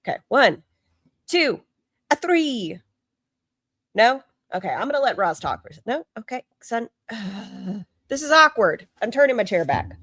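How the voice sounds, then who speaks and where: A woman's voice: fairly high pitch, big pitch swings, unhurried, pauses often, fairly bright tone, slightly rough, no room sound, studio quality. A woman hosting a casual livestream, chatting bluntly and reading viewer comments aloud. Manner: blunt and gossipy. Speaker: livestream host.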